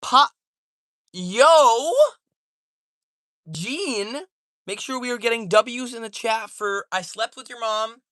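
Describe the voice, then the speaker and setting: Bright-voiced young male streamer, dry sound. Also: very high-pitched, fairly even intonation, moderate pace, few pauses, no room sound. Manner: rambling, jokey, reads chat aloud. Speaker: live streamer. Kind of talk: casual live-stream chat.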